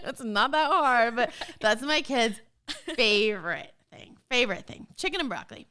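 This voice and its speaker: A woman's voice: fairly high pitch, lively intonation, moderate pace, pushed and bright. A middle-aged woman chatting as an interview guest, bubbly and laughing often as she tells stories. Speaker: guest, dance mom. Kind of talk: casual interview chat.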